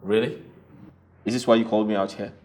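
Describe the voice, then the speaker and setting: A man's voice: on the low side, fairly even intonation, brisk, darkish tone, a little hiss or hum, close to an everyday voice. A man playing a smug Nigerian groom. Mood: dismissive. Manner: smug and dismissive. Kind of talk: film drama acting.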